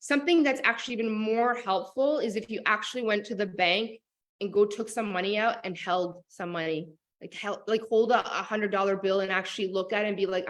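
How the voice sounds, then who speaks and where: A woman talking casually as a motivational coach, animated and full of fillers like "like" and "oh my God". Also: mid-range voice, moderate pace. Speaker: business and manifestation coach.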